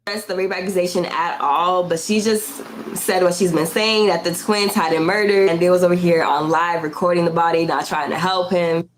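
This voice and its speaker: A woman recounting events in a measured, matter-of-fact way. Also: lowish voice, steady tone, slight background noise, rough recording.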